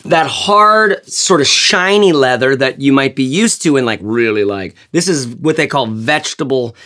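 A man talking casually in a review vlog, rambling and animated, with lots of fillers and jokes. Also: medium pitch, normal speed. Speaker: bag reviewer.

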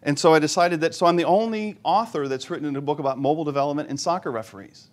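A man's voice: a little high, fast talker. A middle-aged man giving a live technical presentation to a conference audience, chatty and joking, often asking the audience questions. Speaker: conference speaker. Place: conference room before an audience.

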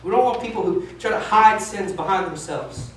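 A man's voice: sits high, normal speed, slight background noise. A man in his thirties preaching a sermon as pastor, candid and self-deprecating, with emphatic stretches. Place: church sanctuary. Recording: echoey church hall from a distance.

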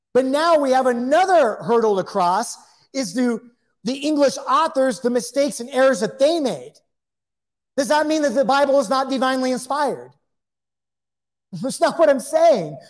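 A man's voice: very high-pitched, darkish tone. A man teaches a Bible lesson to camera indoors. His talk is loose and conversational, full of asides and repeated phrases as he works through his points.

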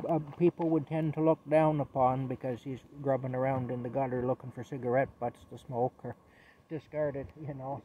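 A man's voice: on the high side, mellow, a little hiss or hum, rough recording. Folksy man vlogging outdoors. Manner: rambling, folksy, chuckling between thoughts. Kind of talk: casual storytelling to camera. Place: outdoors in a blizzard. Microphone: phone held in hand.

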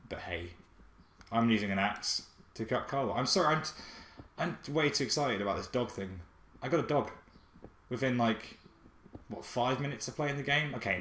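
A young man giving excitable, chatty commentary while playing a game, talking to his pet dog and his viewers. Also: lowish voice, slight background noise. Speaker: let's play gamer. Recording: echoey room with faint music.

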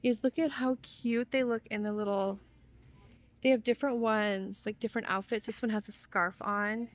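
Young woman vlogger, bubbly and excitable, talking through a shopping walk-through in a large store. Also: on the high side, normal speed. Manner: gushing, gasping with delight. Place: inside a large retail store.

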